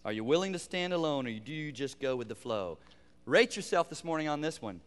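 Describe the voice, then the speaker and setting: Male pastor, high and smooth-toned, preaching with emphatic repetition; reverberant sanctuary. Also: sing-song, fairly quick. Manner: preaching with rising emphatic repetition and sudden quiet drops. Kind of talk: sermon.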